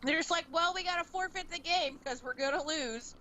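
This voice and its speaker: A woman's voice: extremely high pitch, fairly quick, sharp tone. A woman co-hosting a game stream, dropping dry teasing quips into the chat. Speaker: co-host. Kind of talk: casual gameplay chat.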